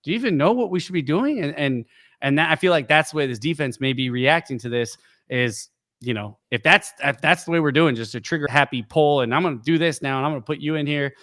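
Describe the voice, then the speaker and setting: A middle-aged man co-hosting a sports podcast in casual chat, an animated storyteller who jumps into high voices to act out quotes. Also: fast. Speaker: podcast co-host.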